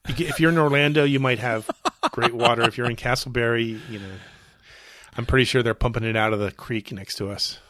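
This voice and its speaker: A man's voice: mid-range voice, fairly even intonation, a little fast, a bit bright, dry recording, studio quality. A man co-hosting a podcast in playful, joking banter, his voice a little wheezy. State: slightly wheezy. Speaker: podcast co-host. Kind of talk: casual chat.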